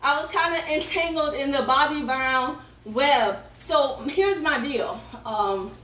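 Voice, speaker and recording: A woman telling a story on a live video while working out, animated and chatty, laughing often, a little out of breath. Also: high voice, slow. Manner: animated, chatty, addresses viewers as y'all, laughs a lot. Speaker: fitness coach recruiting for her team. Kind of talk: live social-media storytelling while exercising. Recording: roomy echo, distant mic, faint noise.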